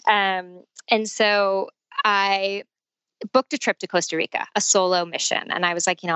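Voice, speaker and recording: A woman in her forties, a podcast guest telling a personal story in a lively, casual way and laughing often. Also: mid-range voice, moderate pace, smooth, no echo, low-quality recording.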